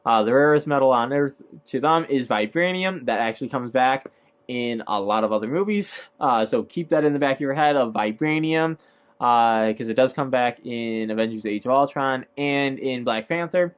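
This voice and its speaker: A man's voice: medium pitch, moderate pace, clean tone. A man casually recapping a movie, rambling with lots of fillers and hesitations. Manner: rambling, filler-heavy, laughs at own points.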